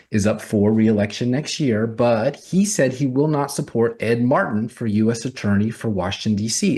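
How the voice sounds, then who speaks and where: A man's voice: medium pitch, a little mellow. A man from Tennessee, a news site editor, answering as a guest in an earnest, emphatic way. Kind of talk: interview answer.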